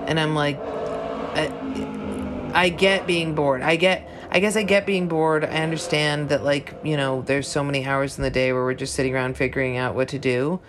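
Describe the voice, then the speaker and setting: A woman's voice: low-pitched, steady tone, moderate pace, slight background noise. A young woman chatting casually on a podcast, rambling with restarts and casual swearing. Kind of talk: casual chat.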